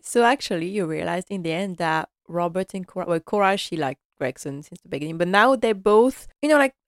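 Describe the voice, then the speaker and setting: Woman vlogger, low-pitched, dry sound, chatty recap voice that laughs a lot and plays out the characters' lines. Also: no room sound. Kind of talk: casual episode recap.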